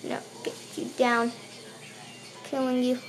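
With faint music behind her, a woman whose voice sits high speaks in a monotone and takes it slowly. She's a gaming channel host doing let's play commentary, frequently panicking and talking back to enemies with bursts of repeated words.

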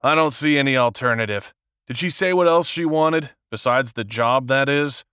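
A man's voice: mid-range voice, moderate pace, fairly bright tone, clear, resonant tone, no echo, clean studio sound, lightly acted. A man voicing a nervous middle-aged company president who sounds anxious and incredulous. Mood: resigned.

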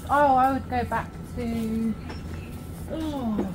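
A woman's voice: a little high, fairly even intonation, takes it slowly, rough recording. A woman chatting and teasing dryly while shopping with her husband. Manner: dry, giggly, teasing. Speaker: vlogger. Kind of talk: casual chat while shopping.

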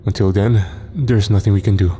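A big, burly security guard states things plainly and without fuss, as a man acts him out. His voice is low and warm-toned, read as part of a horror story. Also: fairly even intonation, brisk, close to an everyday voice. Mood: matter-of-fact. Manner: blunt, matter-of-fact. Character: large burly male security guard, matter-of-fact.

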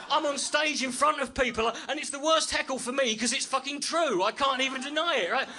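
Male stand-up, high bright voice, quick-fire delivery; brash, sweary, self-deprecating; live club mic with faint noise. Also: some chatter behind. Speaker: stand-up comedian. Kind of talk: stand-up routine. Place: comedy club stage with audience.

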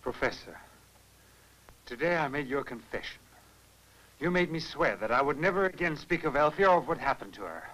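An actor in a dubbed film playing a distraught young man who pleads and accuses and breaks into anguished shouts. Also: on the high side, expressive, a little fast, pauses often, low-quality recording. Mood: urgent. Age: young adult. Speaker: young man confronting a professor.

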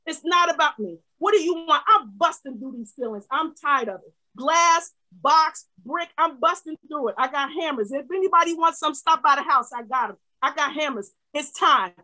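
Woman pastor, high-pitched, preaching hard with shouted peaks and hushed asides. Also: animated, normal speed, hardly any pauses, rough recording. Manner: fervent preaching, swings from shouting to quiet asides. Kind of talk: sermon.

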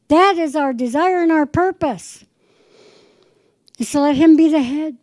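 A woman's voice: high-pitched, measured pace, long pauses, a little mellow, no echo, rough recording. A middle-aged woman pastor preaching a fervent sermon, acting out conversations with the Lord. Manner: fervent, quotes the Lord in dialogue.

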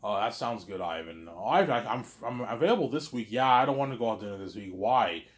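A man's voice: fairly low pitch, lively intonation, fast. A young man talking alone in a rambling, boastful way, often repeating himself and stumbling over words. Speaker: vlogger. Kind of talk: rambling solo monologue.

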